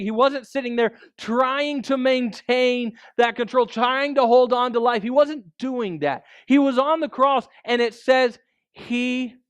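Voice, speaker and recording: A man's voice: very high voice, fairly bright tone, clean tone. A male pastor preaching a sermon in a conversational way, peppering his points with rhetorical asides.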